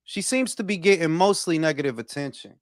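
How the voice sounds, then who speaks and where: A man's voice: fairly high pitch, expressive, a little fast, no room sound, clean studio sound. A man from Detroit with a Detroit accent, hosting a boxing talk stream and ranting in a blunt, profane, heated way. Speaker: boxing talk show host. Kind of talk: casual livestream commentary.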